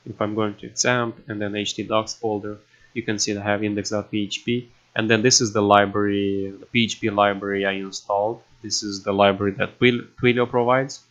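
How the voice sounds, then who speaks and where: A man at his computer walking through a coding tutorial, halting and filling pauses with "you know" and "um". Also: lowish voice, little pitch movement, fairly bright tone. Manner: halting, with many fillers and restarts. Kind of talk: casual screen-recorded coding tutorial. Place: at a computer indoors. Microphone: desktop microphone. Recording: dull lo-fi desk mic.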